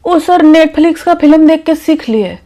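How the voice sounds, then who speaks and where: A woman's voice: sits high, animated, very fast, warm tone, pitched above the performer's own voice. A woman voicing a nervous young male job candidate who puts on a fake accent and speaks eagerly. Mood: sheepish.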